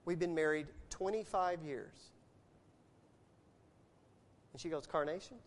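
A middle-aged man preaching a sermon, animated, moving between loud emphasis and quiet asides. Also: a little high, slow pace. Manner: animated preacher telling a story, shifting loud and soft. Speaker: pastor. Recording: long hall reverb.

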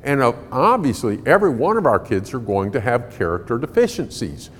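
A man's voice: medium pitch, very animated, fairly quick, fairly bright tone. Folksy man speaking in a reverberant hall. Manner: folksy, emphatic, laughs often. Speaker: speaker answering parenting questions. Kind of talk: conversational Q&A talk to a live audience. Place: large hall in a building.

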